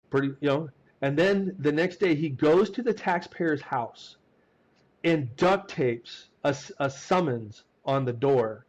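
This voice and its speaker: Animated man with a slightly high voice. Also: normal speed, dull audio. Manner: animated anecdotes with frequent restarts and acted-out quotes. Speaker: CPA guest. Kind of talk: conversational interview storytelling.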